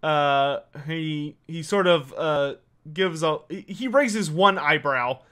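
A man narrating as game master of a tabletop game, halting often with fillers. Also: fairly high pitch, fairly bright tone. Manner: halting, lots of uh.

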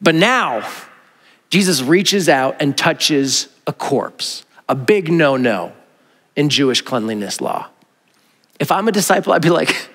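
A man preaching a sermon as pastor, animated and conversational, acting out quoted voices with asides to the congregation. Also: fairly high pitch, measured pace. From North America. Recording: long hall reverb.

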